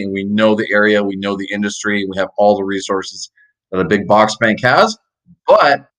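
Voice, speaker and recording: A man's voice: on the low side, a bit bright, low-quality recording. A middle-aged man speaking as a podcast guest about his mortgage work, earnest and conversational. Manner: earnest, conversational, frequent "uh" fillers. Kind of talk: casual interview chat.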